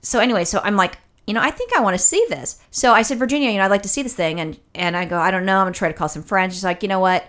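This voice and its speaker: A woman tells a rambling story in casual conversation. She swears freely and acts out what other people said. Her pitch sits in the middle for a woman. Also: rapid-fire, few pauses. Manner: animated, profane storytelling with acted-out quotes. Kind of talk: casual chat.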